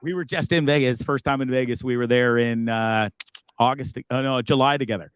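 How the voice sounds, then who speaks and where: A middle-aged man talks loosely and profanely, spinning rambling stories as he hosts a casual podcast chat. His voice sits at an ordinary pitch and sounds dry and close to the mic. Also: a little fast, smooth, no echo. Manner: profane, rambling, animated storyteller. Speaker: podcast host.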